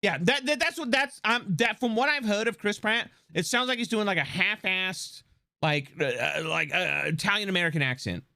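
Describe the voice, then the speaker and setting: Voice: mid-range voice, expressive, moderate pace, creaky, bright, forceful tone. A live streamer chatting casually, swearing freely and restarting sentences often. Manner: rambling, swears freely, frequent restarts and fillers.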